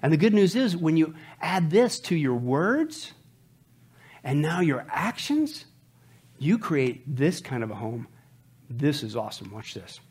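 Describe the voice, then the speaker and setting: A man delivers a playful sermon with a slightly high, very lively voice that bounces all over the place. He jokes with the crowd and calls them folks. His delivery is animated and upbeat. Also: unhurried, slightly rough. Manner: animated, joking, addresses the audience as folks. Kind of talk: humorous sermon.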